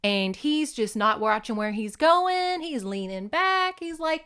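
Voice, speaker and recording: Female host, casual book recap, lively and profane, talks straight to the listener. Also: fairly high pitch, measured pace, few pauses, clear, resonant tone. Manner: animated, profane, addresses listeners as "y'all". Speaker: podcast host.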